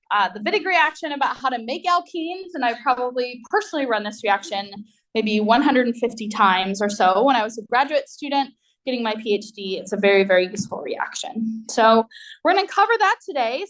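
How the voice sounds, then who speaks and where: A woman's voice: high voice, a bit bright. A woman giving a university chemistry lecture, explaining in a conversational way with many fillers and "right?" checks.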